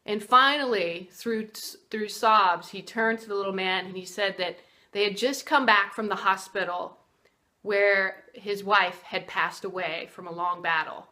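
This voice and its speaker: A woman's voice: medium pitch, a little slow, sharp tone. A middle-aged woman, a martial arts teacher, telling a motivational story in a casual, conversational way, with fillers and restarts.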